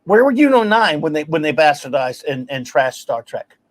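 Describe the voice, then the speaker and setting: Man, high-pitched voice, animated, ranting, casual chat host. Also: moderate pace. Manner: animated, ranting, laughs while telling stories. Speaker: podcast host.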